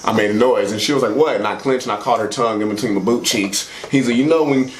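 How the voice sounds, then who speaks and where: A man doing stand-up, telling a crude story in a loose, animated way and voicing his friends' lines. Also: medium pitch, fast talker, echoey room. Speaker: stand-up comedian.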